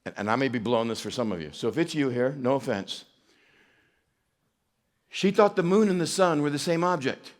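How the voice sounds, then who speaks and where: A man's voice: medium pitch, animated, fairly quick, pauses often. A man from West Texas preaching to a young adult church group, telling funny stories about himself and joking with the crowd. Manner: storytelling with self-mocking humor, often laughing. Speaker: pastor. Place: church meeting hall.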